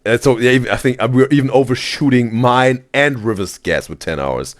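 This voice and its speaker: A man hosting a live stream, reading chat messages aloud in a casual, excitable way and saying "bro" constantly. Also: medium pitch, fairly quick. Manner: animated, exclaims "bro" constantly, laughs often.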